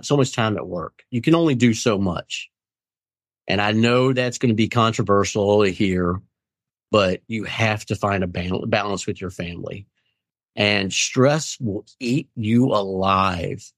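A man's voice: fairly low pitch, no room sound. Earnest rambling man, dry sound. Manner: earnest, rambling, acts out quoted friends. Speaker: guest in recovery. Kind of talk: candid interview conversation.

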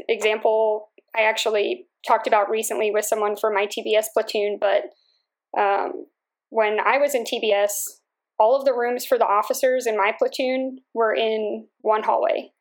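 A young woman with a fairly high voice speaks evenly and measuredly, with little rise and fall. She is a Marine officer answering interview questions, reflective and steady, with casual fillers.

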